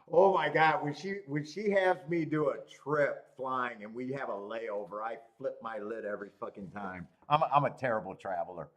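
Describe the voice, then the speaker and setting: A man's voice: mid-range voice, normal speed, hardly any pauses, a bit bright. A man hosting a live horse racing betting stream, chatting casually with viewers, swearing freely and laughing at himself often. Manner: profane, self-mocking, laughs often.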